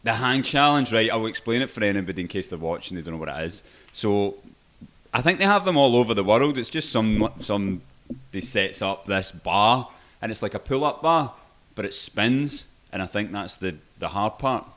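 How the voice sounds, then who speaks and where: A man's voice: on the low side, lively intonation, moderate pace, fairly bright tone. A young man co-hosting a podcast, telling a long story in a rambling, loose way and swearing freely. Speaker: podcast co-host. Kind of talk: casual chat.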